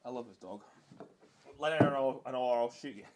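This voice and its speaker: A man's voice: mid-range voice, fairly quick, a little hiss or hum. A young man, chatting in a casual vlog, rambling with many restarts and scolding and cooing at his dog. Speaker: vlogger.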